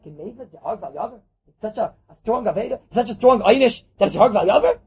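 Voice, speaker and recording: Man, rabbi giving a lesson, gravelly, husky voice, dull lo-fi recording. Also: sits high, huge pitch swings, fast talker, a little mellow. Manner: acts out dialogues, mixes Yiddish and Hebrew terms, repeats points. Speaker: rabbi teaching Talmud class. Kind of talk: animated Torah lecture.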